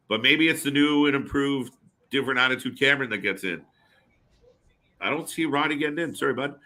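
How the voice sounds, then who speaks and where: A man co-hosting a live wrestling watch party stream, chatting casually with fillers and quick reactions. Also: medium pitch, pushed and bright.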